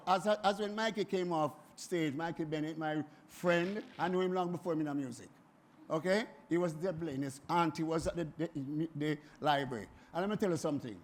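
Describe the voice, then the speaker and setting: A Jamaican man in his seventies, speaking at a forum in an animated, emphatic way that keeps circling back and repeating itself. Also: sits high. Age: 70s. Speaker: music producer speaking at a forum. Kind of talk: impassioned spoken address.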